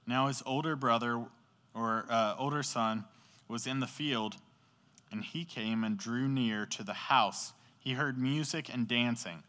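In an echoey indoor hall by a sports field, with rain outside, a man gives a laid-back sermon to a youth group. His mid-range voice is unhurried, pushed and bright, and he tells the story in slangy, conversational speech while asking the crowd questions.

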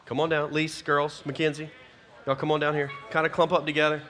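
Youth pastor, man, forceful bright tone, slightly high voice, folksy and exhorting. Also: flat delivery, fast talker, soft background music. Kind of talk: closing talk to a youth group.

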